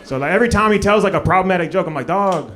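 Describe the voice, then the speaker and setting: A man's voice: sits high, animated, racing, crowd noise. A man from Maryland doing a stand-up comedy set on a club stage, loose and profane with lots of fillers. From Maryland, USA.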